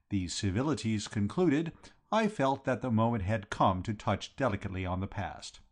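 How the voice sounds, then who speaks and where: A man hosting a podcast, reading a comic novel aloud with wry, animated storytelling. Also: lowish voice, normal speed.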